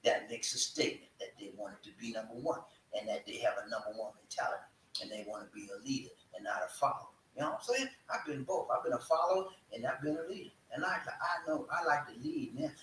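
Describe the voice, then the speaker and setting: A man's voice: on the high side, animated, fast, pushed and bright. A man hosting a live stream, hyping viewers with call-and-response chants and preacher-like fervor. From American South. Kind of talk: hyped live stream chat. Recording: echoey room, mic at a distance.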